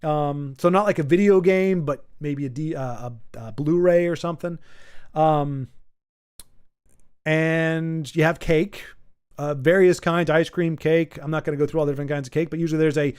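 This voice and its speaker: A man's voice: a little high, steady tone, moderate pace, darkish tone, clean tone. A man from the United States chatting casually on a livestream, rambling and teasing his viewers as he reads their chat. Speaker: streamer reading chat.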